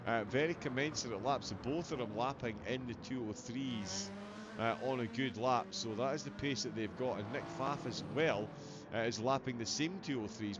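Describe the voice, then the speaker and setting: A man commentating on a sim racing event in a chatty, self-deprecating, jokey way. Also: medium pitch. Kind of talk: race commentary. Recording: slightly dull audio with background noise.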